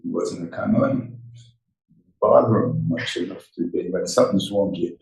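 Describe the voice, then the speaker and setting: Far from the microphone in a roomy recording, an older rabbi leads an informal Torah lesson at normal speed. His voice is lowish with vocal fry, and he narrates stories animatedly while acting out the dialogue.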